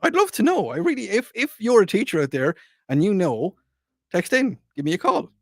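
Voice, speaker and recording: A man's voice: high voice, very animated, moderate pace, creaky, no echo, studio quality. A man hosting a radio talk show, telling stories from his working life in a rambling way with many restarts and asking listeners to call in. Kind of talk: casual radio chat.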